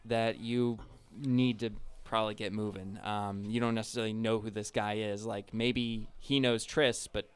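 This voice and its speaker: A man's voice: fairly low pitch, little pitch movement, moderate pace, hardly any pauses, clear, resonant tone. A man narrating a tabletop role-playing game as game master, loose and casual, with lots of ums and likes.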